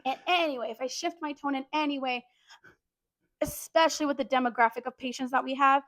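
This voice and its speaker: A young woman telling a workplace story in casual, animated chat, full of fillers like "like". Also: sits high, fairly quick, no room sound. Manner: animated, chatty, lots of "like". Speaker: podcast co-host.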